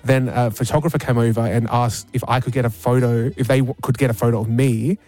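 A man on a radio show, recounting an event in a halting way, full of ums and restarts, often laughing at himself. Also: mid-range voice, fairly even intonation, darkish tone. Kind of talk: casual chat.

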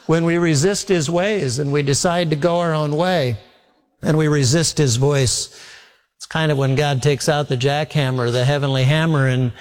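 A male pastor preaching a sermon in a folksy, repetitive way, telling homely stories. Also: fairly high pitch. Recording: long reverb of a large hall.

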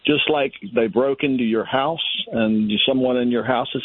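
A man's voice: medium pitch, fairly even intonation, moderate pace, breathy edge, no room sound. An older male caller from Virginia, giving his opinions in an emphatic, rambling way. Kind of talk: call-in radio opinion. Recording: dry phone line.

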